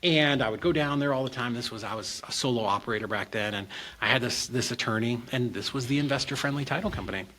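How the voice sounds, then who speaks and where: A middle-aged man tells stories on a podcast as a guest, animated and expressive as he acts out the people in them. His voice is bright and forceful, at an average pitch for a man. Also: fast, few pauses. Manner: animated, expressive storyteller who acts out quotes. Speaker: real estate investor guest. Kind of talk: casual podcast storytelling.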